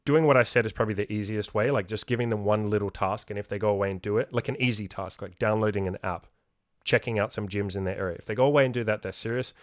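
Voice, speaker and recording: A man's voice: fairly low pitch, fast, no room sound, clean studio sound. Blunt, profane male podcast coach. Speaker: self-improvement coach. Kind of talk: podcast monologue.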